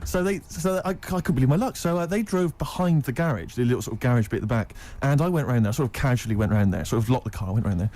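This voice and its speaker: A man on a radio chat show, telling a comic anecdote in an animated way and laughing often. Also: mid-range voice, fast talker, hardly any pauses. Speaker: radio co-host. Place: radio studio.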